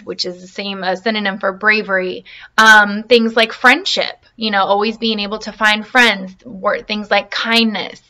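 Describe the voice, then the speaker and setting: A woman's voice: medium pitch, pushed and bright. A woman teacher giving an online reading lesson over her laptop in a chatty, encouraging way, often checking in with questions.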